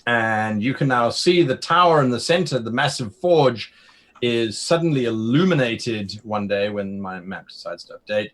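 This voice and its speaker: A man running a tabletop game as game master, describing scenes with pauses and fillers. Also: medium pitch, lively intonation, fairly bright tone.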